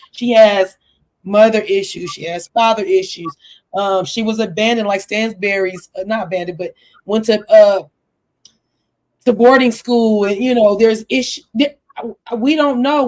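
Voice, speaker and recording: A woman co-hosting a casual reality TV recap, talking animatedly and acting out what people said in changing voices. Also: fairly high pitch. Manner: animated, acts out quotes in shifting voices.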